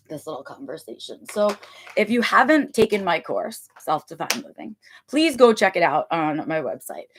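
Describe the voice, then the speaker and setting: A woman with a low-set voice hosts a relaxed livestream from her home. She talks in a loose, rambling way and keeps checking in with her listeners as she goes. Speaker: livestream host. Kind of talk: casual livestream talk.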